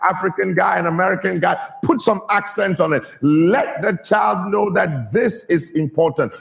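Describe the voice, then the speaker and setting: A man's voice: high-pitched, moderate pace, creaky, hardly any pauses, in a large hall. A man preaching a sermon to his church, stressing key words and getting the people to repeat them. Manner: emphatic, draws out key words and gets the congregation to repeat.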